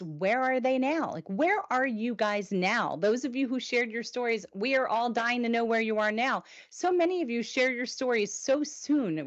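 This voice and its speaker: A woman's voice: medium pitch, lo-fi sound. A woman hosting a weekly review show, chatting casually and animatedly with her co-host and viewers.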